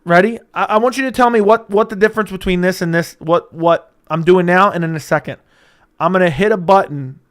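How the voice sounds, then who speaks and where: A young man hosting a casual livestream from a room at home, talking close into a studio mic, joking and crude, with sudden loud bursts. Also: sits high, fairly quick. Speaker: livestream host. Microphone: close studio mic with audio interface.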